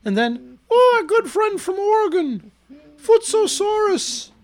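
Lively high-voiced woman hosting a podcast. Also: measured pace. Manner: chatty, laughs easily. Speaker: podcast host. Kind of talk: casual podcast announcements.

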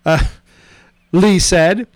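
A man co-hosting a podcast in casual chat, reading a story aloud in a halting way, with fillers and teasing asides. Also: sits high, fairly even intonation, no room sound.

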